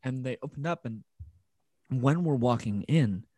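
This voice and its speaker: A man's voice: mid-range voice, lively intonation, measured pace, warm tone, no room sound. A man co-hosting a podcast, telling stories in casual chat and filling his sentences with "like". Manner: rambling storyteller, lots of "like". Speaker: podcast co-host.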